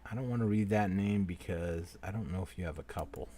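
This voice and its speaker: This live giveaway is hosted by a man with a very deep voice who moves briskly. His casual live-stream commentary is apologetic, with "so sorry, my friend" said to each name, and he swings from loud call-outs to hushed asides.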